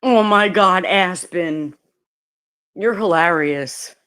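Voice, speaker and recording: Her voice is fairly low yet pushed and bright, and she talks slowly. She's hosting a laid-back livestream, talking to her viewers and her dogs, cursing frequently and bursting out laughing.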